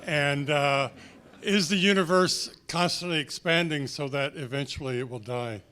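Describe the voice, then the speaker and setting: A man's voice: on the high side, normal speed, sharp tone, a little hiss or hum. A man in the audience putting a string of questions to a lecturer. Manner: reads out questions in a row. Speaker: audience member asking questions. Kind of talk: question from the floor.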